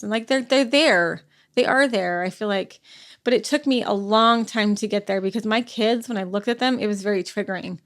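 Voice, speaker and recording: A middle-aged woman, a podcast guest, talking through a personal story in a halting way, full of fillers and restarts. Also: medium pitch. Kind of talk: conversational interview.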